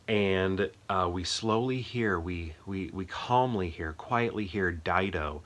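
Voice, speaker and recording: A man's voice: sits low, moderate pace, hardly any pauses, a bit bright. A man chatting casually and enthusiastically about a favorite film, rambling with frequent restarts. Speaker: movie review host.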